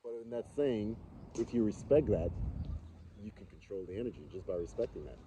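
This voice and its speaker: A man's voice: fairly low pitch, animated, fairly quick, warm tone. A man co-hosting a podcast, talking earnestly and philosophically in casual chat, repeating phrases for emphasis. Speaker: podcast co-host. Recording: noisy background.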